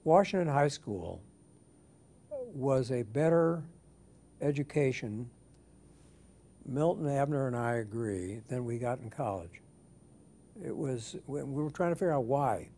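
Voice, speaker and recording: An older man being interviewed for an oral history, speaking in a measured, thoughtful way with frequent restarts. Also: medium pitch, lively intonation, mellow.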